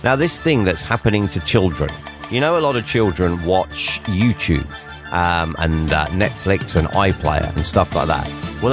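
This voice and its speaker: A man hosting a drivetime radio show, talking in a very low, deep voice. He muses and rambles in casual chat, adding asides as he goes. Music plays clearly behind him in the studio. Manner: rambling, musing, conversational asides. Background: music playing.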